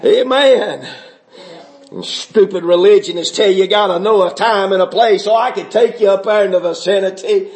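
A middle-aged man preaching a fervent testimony sermon, building from quiet recollection into shouting. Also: high voice, normal speed. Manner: fervent, rising to shouts, Southern preaching cadence.

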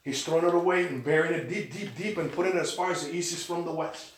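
A man preaching a sermon, telling a personal story with animated delivery and acting out the other people's lines. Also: on the high side, fast, reverberant, slight background noise. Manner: animated storytelling, acts out quoted voices. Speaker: pastor. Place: church.

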